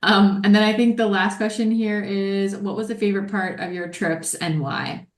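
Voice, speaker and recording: A woman's voice: mid-range voice, steady tone, normal speed. A woman hosting a webinar as a program advisor, upbeat and encouraging. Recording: echoey room.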